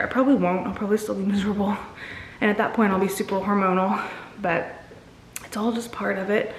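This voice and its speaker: A woman's voice: medium pitch, a little hiss or hum. A tired woman in her thirties chatting candidly to her viewers in a casual home vlog, rambling a little as she talks. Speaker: vlogger and mother. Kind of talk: casual chat to camera. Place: home, indoors on the stairs. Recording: roomy home recording.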